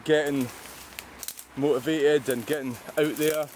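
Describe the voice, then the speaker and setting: A man's voice: a little high, fairly even intonation, unhurried, darkish tone, slight background noise. Rambling older Scottish man musing outdoors. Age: 60s. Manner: musing, meandering, wry self-mocking asides. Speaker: vlogger. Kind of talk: rambling, reflective monologue.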